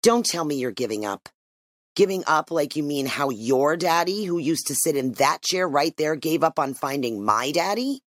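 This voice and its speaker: A woman's voice: sits low, expressive, moderate pace, dry recording, pitched above the performer's own voice. A storybook narrator voicing a desperate mother who pleads with her son and turns sharply on the police chief. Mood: accusing. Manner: pleading, then sharp and accusing.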